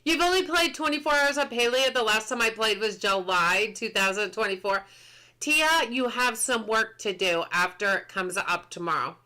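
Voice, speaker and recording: A woman's voice: on the high side, lively intonation, measured pace, sharp tone. A woman game streamer chatting casually on a live stream, reading patch notes aloud, answering chat and laughing often.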